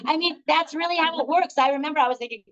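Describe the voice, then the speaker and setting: Chatty high-voiced woman leading a workshop. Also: quick pace, a bit bright. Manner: chatty storyteller, many fillers. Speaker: workshop leader. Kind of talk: live workshop talk to a group. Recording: dull lo-fi recording.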